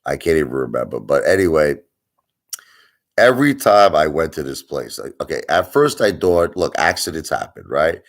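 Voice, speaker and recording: A man hosting a live stream, telling a story in a casual, animated way, with plenty of swearing and repetition for emphasis. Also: rumbling low, normal speed, vocal fry. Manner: animated, profane, repeats himself for emphasis. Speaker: livestream host.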